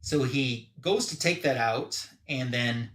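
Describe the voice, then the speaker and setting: A man's voice: mid-range voice, slow pace, a bit bright. Casual man recapping a comic, roomy echo. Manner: casual, loose, with fillers and "he's like" quoting. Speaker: host recapping a comic book.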